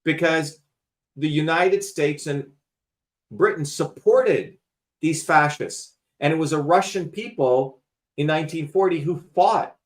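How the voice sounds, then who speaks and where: A man with a slightly high-pitched voice lectures his guest with insistent emphasis. He explains at length in loose, conversational talk and swears casually along the way. He is the host of the show. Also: measured pace. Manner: emphatic, lecturing, curses freely.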